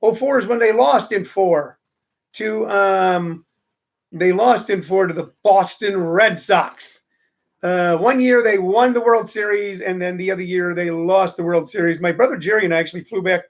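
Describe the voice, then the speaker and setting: Gravelly-voiced comedy host, chatty and rambling. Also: male voice, sits high, normal speed. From St. Louis, Missouri. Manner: rambling, chatty, self-interrupting. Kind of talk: casual live-stream comedy chat.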